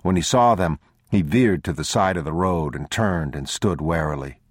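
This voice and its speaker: A man reading a novel aloud as audiobook narrator in a measured, sombre, deliberate manner, recorded on a close mic. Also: deep voice, slightly rough, no echo. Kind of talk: scripted literary narration.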